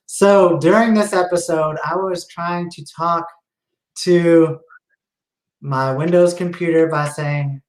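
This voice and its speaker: A man hosts a casual online quiz chat, drawing out his questions at an unhurried pace. His voice carries a noticeable room echo. He teases his co-host as they go. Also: a little high, fairly even intonation. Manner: slow, playful, quizzing a co-host. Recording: roomy echo.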